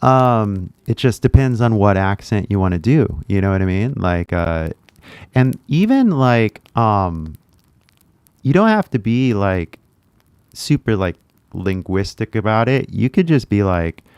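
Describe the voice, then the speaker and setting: A man's voice: fairly low pitch, expressive, unhurried, darkish tone, clear, resonant tone, no echo. A young man with an American accent, a YouTuber teaching English, chatting loosely on a livestream from a small sound booth, full of fillers and restarts. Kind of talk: casual livestream chat.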